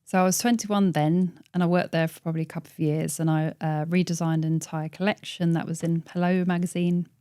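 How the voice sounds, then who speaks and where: A woman's voice: on the low side, level tone, a little fast, few pauses, warm tone, clean tone, dry recording, studio quality. A woman in her forties who owns a tailoring business, talking casually and laughing often, acting out voices in her stories. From England. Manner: chatty, laughs often, acts out quoted voices. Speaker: podcast host and tailoring business owner. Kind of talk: casual interview chat. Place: office.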